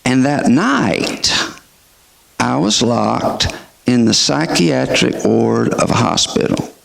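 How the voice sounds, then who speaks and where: A man voicing a distressed woman TV co-host who hesitates and gropes for answers, in a slow, lively sermon retelling. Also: medium pitch, creaky, echoey room, heavily acted. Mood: unsettled.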